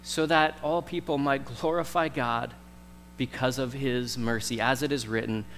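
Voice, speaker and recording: Bright-voiced preacher man in reverberant church. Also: medium pitch, steady tone, a little hiss or hum. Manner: conversational preaching, swings from loud emphasis to soft slow stress. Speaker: pastor. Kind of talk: sermon. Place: church sanctuary.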